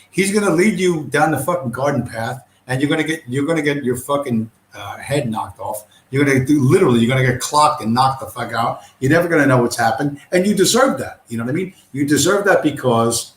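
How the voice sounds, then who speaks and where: A man's voice: medium pitch, slight background noise. A man hosting a livestream, talking in a long profane rant full of restarts and asides. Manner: profane, rambling, repeats "you know what I mean". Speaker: livestream host. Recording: roomy echo.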